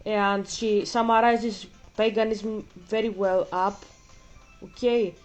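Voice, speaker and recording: A woman's voice: medium pitch, steady tone, takes it slowly, faint music behind. A woman vlogger ranting in casual commentary while gaming, blunt and profane, a bit out of breath.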